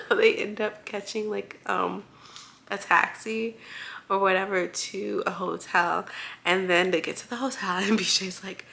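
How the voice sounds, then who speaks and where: A young woman vlogger casually recapping a book series, chatty and giggly, full of excited asides and many fillers. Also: mid-range voice, measured pace, gravelly.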